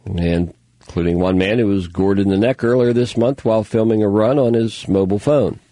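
A man's voice: on the low side, fairly quick, warm tone, no room sound. A man hosting a talk show, rambling through news stories with sarcastic, mocking asides. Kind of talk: casual news commentary monologue.

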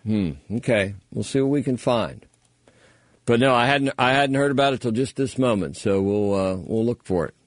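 A man's voice: medium pitch, moderate pace, dry recording, studio quality. A man hosting a call-in radio show, chatting casually and rambling with lots of fillers. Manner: easygoing, rambling with many fillers.

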